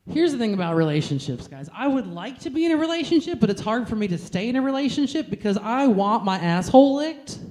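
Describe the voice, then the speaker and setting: A woman's voice: fairly high pitch, darkish tone. A woman performing a stand-up comedy set with a brash, crude and self-mocking delivery.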